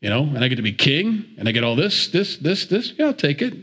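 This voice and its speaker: Cocky teen boy, voiced by a male preacher, greedy and casual, lively swoops upward. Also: fairly high pitch, fast talker, slightly rough, exaggerated voice. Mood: flippant. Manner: flippant, greedy. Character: cocky teenage boy made king.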